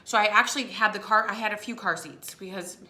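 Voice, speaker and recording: A woman's voice: mid-range voice, quick pace. A woman in her thirties telling a personal story to her viewers in a chatty way, acting out what others said. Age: 30s. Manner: chatty, lively, acts out quotes with laughs. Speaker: vlogger. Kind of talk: casual storytelling to camera.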